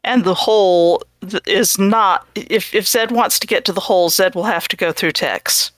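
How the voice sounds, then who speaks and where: A woman's voice: mid-range voice, no room sound. A woman playing in a tabletop game, chatting casually with short interjections. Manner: unhurried, quick interjections. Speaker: player.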